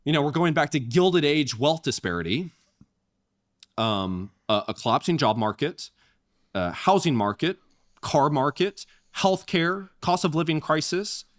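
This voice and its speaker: A man giving earnest social commentary in a measured, explaining manner. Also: fairly high pitch, sing-song, no room sound, clean studio sound.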